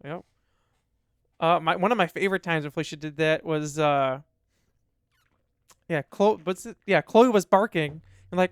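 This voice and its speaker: A man's voice: fairly high pitch, moderate pace, pauses often, clear, resonant tone, dry recording, studio quality. A man co-hosting a casual podcast, reading listener comments aloud and chatting about them. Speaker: podcast co-host. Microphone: studio dynamic mic.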